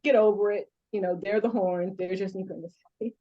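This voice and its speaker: A woman giving a casual, animated account, laughing often and leaning on "you know," on a video call. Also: medium pitch, brisk. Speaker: speaker. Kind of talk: casual storytelling. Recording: dull lo-fi call audio.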